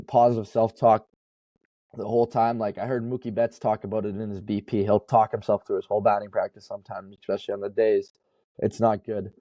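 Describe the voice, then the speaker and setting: A man's voice: on the low side, little pitch movement, fairly quick, warm tone, no room sound. A young man, a college baseball player, talking casually and earnestly as a podcast guest, rambling and correcting himself. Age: young adult. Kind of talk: casual interview talk.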